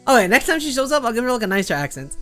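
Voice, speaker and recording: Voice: mid-range voice, sing-song, fast, sharp tone, soft background music. A game streamer chatting casually between reading dialogue, with giggly, self-mocking asides.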